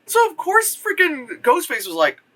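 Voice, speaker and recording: A movie reviewer talking casually, rambling and swearing, with lots of fillers and sudden jumps into high voices. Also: normal speed, a little hiss or hum. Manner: rambling, loose and profane, full of fillers; animated, jumps into high voices for retold reactions. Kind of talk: casual spoken film review.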